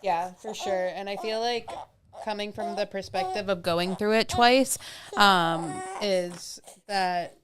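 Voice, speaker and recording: A woman's voice: medium pitch, crowd noise. Woman, young adult, podcast co-host, hesitant, reflective. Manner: thoughtful, halting, many fillers and hedges. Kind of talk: casual chat. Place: at home, children heard downstairs.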